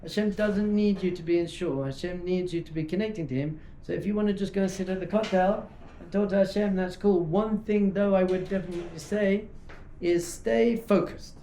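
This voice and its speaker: A rabbi teaching in a lively, conversational way. His voice sits fairly high for a man but sounds mellow, with noticeable echo from the room. He keeps slipping into little acted-out dialogues to make his points. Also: fairly quick, slight background noise. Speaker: rabbi giving a talk. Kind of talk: informal teaching talk. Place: talk hall at a yeshiva. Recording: echoey room.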